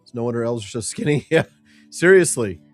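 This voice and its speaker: A man's voice: medium pitch, lively intonation, a little fast, soft background music. A man hosting a casual gameplay stream, chatty and jokey, laughing at himself. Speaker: podcast host playing a game.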